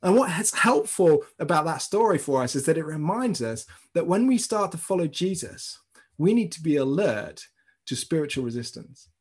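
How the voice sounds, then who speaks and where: A man preaching a sermon as pastor, telling a story in a lively way and speaking directly to his congregation. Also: fairly high pitch, moderate pace, slightly rough. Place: church service streamed online.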